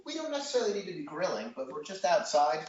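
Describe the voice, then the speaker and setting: A man's voice: a little high, sing-song, fast. A man in his thirties, a chef, chatting on a podcast in a rambling way with lots of fillers and restarts. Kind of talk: casual podcast interview. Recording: dull, roomy, faint noise.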